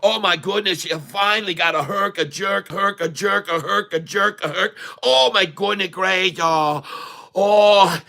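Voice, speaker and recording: A man voicing a loud comic male friend who speaks broken English, with exclamatory, singsong repetitions. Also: high-pitched, unhurried, gravelly, voice pushed up, exaggerated voice. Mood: gleeful mocking.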